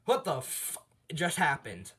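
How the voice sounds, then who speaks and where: A man's voice: mid-range voice, moderate pace, fairly bright tone, husky. A man voicing a shaken superhero who blurts out baffled, defiant questions in a retold fan story. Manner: incredulous, blurting.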